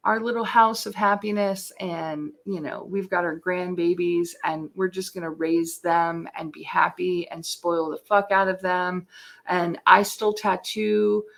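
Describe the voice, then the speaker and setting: This interview guest is a middle-aged woman whose medium-pitched voice is creaky and a bit bright. Chatting casually and candidly about her own story, she curses freely and leans heavily on "like."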